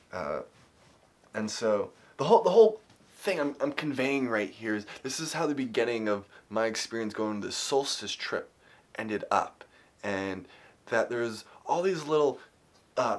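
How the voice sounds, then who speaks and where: A man telling a personal story to camera in a casual vlog. He rambles with many fillers and restarts and grows animated at the tense parts. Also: mid-range voice. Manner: animated when retelling tense moments. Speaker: vlogger.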